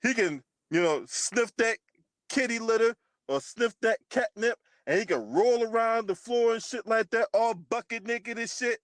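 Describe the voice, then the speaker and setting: A man with a high voice for his sex reads a news item and mocks it in casual commentary. He swears freely and breaks into laughter often. The sound is dry and close, with no room echo. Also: moderate pace, a bit bright. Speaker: channel host, commentator. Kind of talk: profane mocking news commentary.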